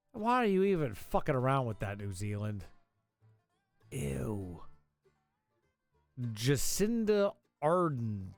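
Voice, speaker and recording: A man's voice: mid-range voice, darkish tone. A man hosting a live call-in talk show, riffing on news headlines with sarcastic, profane, mocking asides. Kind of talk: casual comedic news riff.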